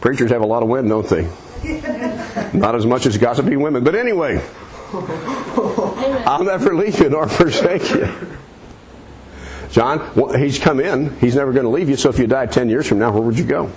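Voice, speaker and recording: A man's voice: medium pitch, quick pace, a little mellow. A man preaching, leading a listener through a prayer in an earnest, coaxing, repetitive way. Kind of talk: soul-winning demonstration.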